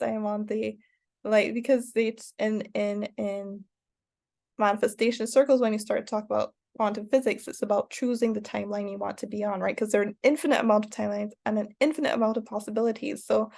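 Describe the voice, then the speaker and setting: A woman teaching an online course in a casual, rambling way, with many fillers and restarts and sudden bursts of excited cheering. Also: medium pitch, normal speed, creaky. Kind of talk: casual spoken lesson.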